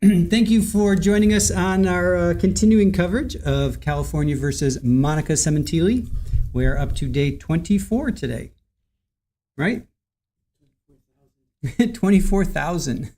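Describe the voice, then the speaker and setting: This is a livestream host in casual chat, easygoing and chatty, working through viewer names one after another. The voice is mellow and dark, sitting at a middle pitch. The delivery is relaxed and unhurried.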